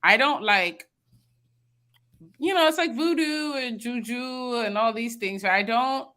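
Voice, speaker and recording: A woman chats casually as a podcast host. Her voice is bright and clear, and she tells stories in an animated way, packed with fillers and quick laughs. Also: a little high. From Nigeria. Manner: animated storytelling, laughs often, many fillers. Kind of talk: casual chat.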